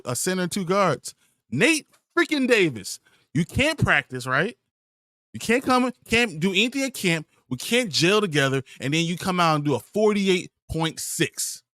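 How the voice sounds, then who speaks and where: Exasperated podcast host, high and lively, swearing rant, dry sound. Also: male voice, dry recording. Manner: exasperated, profane ranting. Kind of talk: ranting sports podcast.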